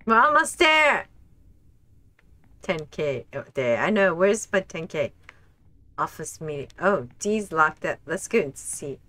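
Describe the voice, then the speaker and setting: A woman streaming a game, reacting out loud as she plays, talking to herself and laughing often. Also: low-pitched, sing-song, slow, pauses often. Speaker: gaming streamer. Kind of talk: casual let's play commentary.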